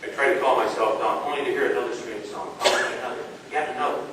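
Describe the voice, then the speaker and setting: A man giving a humorous contest speech, telling an animated story that bursts into shouts. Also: mid-range voice, racing. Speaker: contest speaker. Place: large hall on stage. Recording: echoey hall from far off, noisy.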